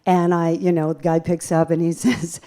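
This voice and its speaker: A woman pianist and bandleader telling lively, self-deprecating stories from a theater stage into a stage microphone between songs. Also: fairly low pitch, moderate pace. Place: theater stage at a live concert.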